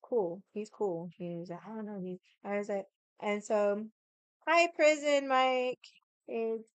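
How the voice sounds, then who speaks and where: A woman's voice: medium pitch, steady tone, moderate pace, mellow, clean tone, no room sound. A young woman casually telling a rambling story at home while drinking, swearing freely and wandering off on tangents. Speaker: vlogger.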